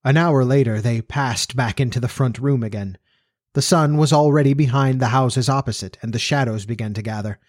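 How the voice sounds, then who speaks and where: A man narrating an old-fashioned story in a steady, even storytelling manner. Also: medium pitch, brisk, dry recording, clean studio sound. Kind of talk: audiobook narration.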